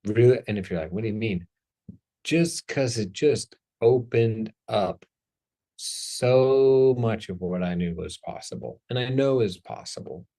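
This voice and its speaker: A man's voice: medium pitch, lively intonation, unhurried, dark tone. A man hosting a casual talk show, talking in a playful, chatty way and joking about himself. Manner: playful, chatty, self-deprecating. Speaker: host.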